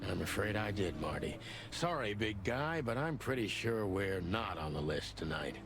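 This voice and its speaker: An actor playing a wisecracking, streetwise rooster detective in a game. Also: male voice, lowish voice, very animated, normal speed, noisy background. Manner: streetwise, wry, calls people pal and big guy. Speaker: game character.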